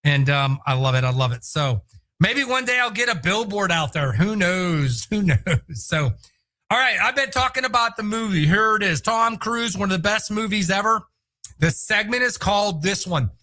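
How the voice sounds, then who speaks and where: Male host, high bright voice, pushy and upbeat salesman energy. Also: moderate pace. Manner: energetic, salesy, breaks into shouted impressions. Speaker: podcast host, real estate agent. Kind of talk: solo talk show.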